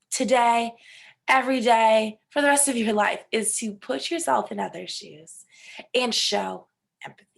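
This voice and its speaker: A young woman teacher leads a lesson for kids, asking questions and sometimes dropping to a hushed whisper. Her voice sits a little high and has a gravelly edge. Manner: animated, questioning, with soft whispered asides. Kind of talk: classroom lesson for children.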